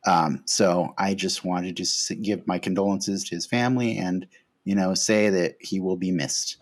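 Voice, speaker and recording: A man's voice: deep voice, normal speed. A man hosting a fan podcast, chatting casually and earnestly with frequent "uh" fillers. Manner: relaxed, many "uh" fillers, earnest. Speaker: podcast host.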